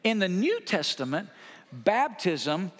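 A man preaching a sermon as pastor, asking the congregation to say key words out loud with him. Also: sits high, very animated, slow pace. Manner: preacher prompting the congregation to repeat words aloud. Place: church sanctuary. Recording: long hall reverb.

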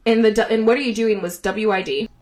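A woman co-hosting a podcast in casual chat, telling a story with lively asides and frequent laughter. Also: on the high side, quick pace, slight background noise. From US South. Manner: animated storytelling, laughs often. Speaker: podcast co-host.

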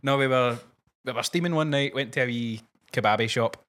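A Scottish man chats in an easygoing way on a podcast. His voice is pitched mid-low. He tells wry stories and often laughs along. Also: a little fast, a bit bright. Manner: laid-back, dry, laughs often. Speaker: podcast co-host, musician. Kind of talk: casual chat.

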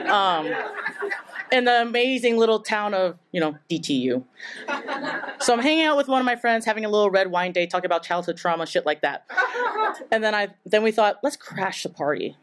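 A woman's voice: mid-range voice, background noise. A young woman from Taiwan telling a story on stage at a live event, chatty and casual, full of "like" and laughing often. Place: live event in front of an audience.

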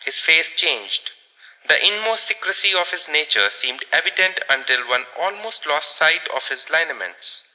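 A man narrating a ghost story in a measured, expressive audiobook reading. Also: on the high side, big-room sound, low-quality recording.

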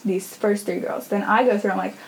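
A woman's voice: mid-range voice, steady tone, a little fast, vocal fry, a little hiss or hum, poor audio. A young woman hosting a podcast, telling a story in a chatty, casual way full of fillers and laughter. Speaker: podcast host.

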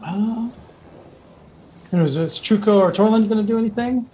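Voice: medium pitch, normal speed, darkish tone, slight background noise, low-quality recording. A game master narrating a tabletop role-playing game in a rambling, hesitant way full of fillers.

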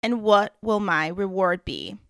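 Easygoing storybook fisherman, unhurried, voiced by a woman. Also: mid-range voice, clean tone, no room sound, clean studio sound, close to an everyday voice. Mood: calm. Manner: calm, gently questioning. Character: calm, contented fisherman, adult male. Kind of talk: storybook read-aloud.

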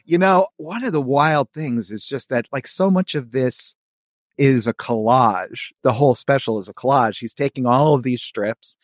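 Male podcast host, mid-pitched, animated reader of comic strips, dry studio sound. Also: normal speed, no room sound. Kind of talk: podcast discussion, reading comic strips aloud.

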